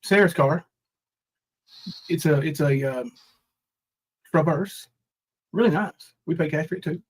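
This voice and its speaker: A man's voice: a little high, a little slow, slightly rough, poor audio. A man in his forties hosting a casual livestream, rambling through his troubles and reading viewers' names from the chat. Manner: rambling, reads chat names aloud, mock crying bits. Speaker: livestream host.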